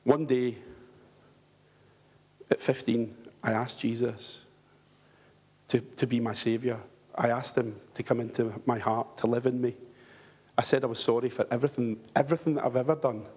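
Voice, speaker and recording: A man's voice: medium pitch, fairly even intonation, moderate pace, long pauses, slightly rough. A man preaching a sermon in church, earnest and pleading, asking the congregation rhetorical questions. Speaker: pastor. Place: church hall. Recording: dull lo-fi church hall recording with long reverb.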